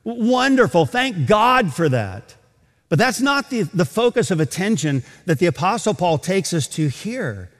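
Lively preacher in a big auditorium. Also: male voice, sits high, normal speed, long reverb tail. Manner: expository preaching with emphatic scripture reading. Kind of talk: sermon. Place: large auditorium.

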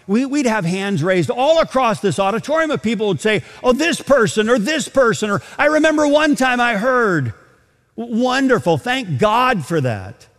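A man preaching a sermon in a large auditorium, emphatic and full of rhetorical questions, slowing down to stress key phrases. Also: high voice, big-room sound. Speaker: pastor.

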